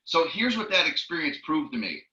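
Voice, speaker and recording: Male trainer with a bright, sharp voice who tells lively stories, recorded in an echoey, muffled room. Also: fairly high pitch, fairly quick. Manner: lively storyteller who acts out the people he quotes. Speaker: network marketing trainer. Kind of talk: training talk with personal stories.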